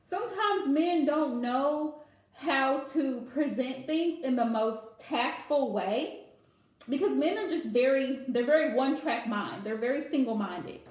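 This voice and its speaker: A chatty woman with a high voice gives frank, casual advice on a live stream and laughs easily. Her voice bounces around a very echoey room. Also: lively intonation, unhurried, darkish tone. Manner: chatty, direct, laughs often, calls viewers pet names. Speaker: live tarot reader answering viewer questions.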